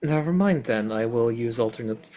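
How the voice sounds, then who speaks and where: A man's voice: medium pitch, expressive, normal speed, dark tone, a little hiss or hum. Hesitant man thinking aloud. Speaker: player. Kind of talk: playing a tabletop game.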